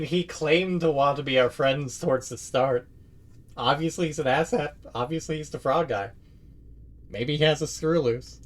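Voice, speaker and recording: A man streaming a video game, chatting casually and swearing freely as he rambles. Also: on the high side. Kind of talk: casual let's-play commentary.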